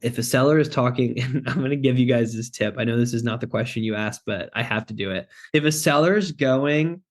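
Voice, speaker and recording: A man's voice: medium pitch, fairly quick. A man, a sales closing expert, chatting on a podcast in a direct, joking way and acting out phone calls. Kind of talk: casual podcast chat.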